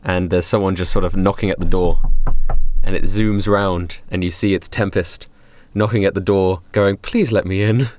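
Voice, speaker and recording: A man's voice: sits low, flat delivery, moderate pace, a little mellow, slight background noise. A man playing in a tabletop game, narrating a short scene for the group. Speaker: player.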